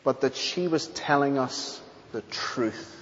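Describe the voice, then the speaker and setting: Slow, earnest preacher in an echoing hall. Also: male voice, mid-range voice, fairly bright tone, slight background noise. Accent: not English. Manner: earnest, measured delivery with deliberate pauses. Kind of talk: sermon and closing prayer. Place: church. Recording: dull lo-fi church recording with long reverb.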